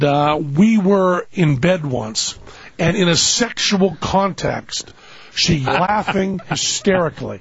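Husky older man telling stories. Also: sits high, muffled recording. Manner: rambling, laughing as he talks. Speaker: guest storyteller. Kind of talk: casual anecdotal chat.

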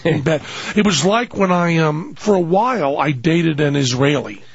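A man's voice: on the high side, expressive, normal speed, slightly rough, dry recording, highs cut off. An older man rambling through a funny anecdote in casual chat, often laughing as he talks. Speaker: guest storyteller.

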